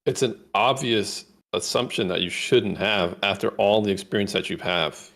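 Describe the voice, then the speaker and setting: A man's voice: on the low side, normal speed, a bit bright. A man co-hosting a casual chat, giving blunt, opinionated commentary on a video. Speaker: co-host reacting to a video.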